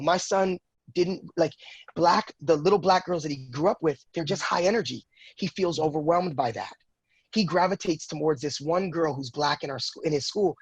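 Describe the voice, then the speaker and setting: Brief: man, late thirties, husky voice, dry close sound, candid and earnest interview guest who stumbles and repeats words as he thinks. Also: fairly high pitch, no echo. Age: 30s. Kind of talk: casual conversational interview.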